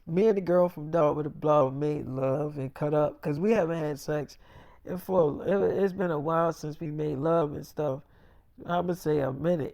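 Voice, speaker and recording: A man's voice: fairly high pitch, a little mellow, clear, resonant tone, dry recording, muffled recording. A man improvising a casual story with quoted dialogue, rambling, profane and full of slang.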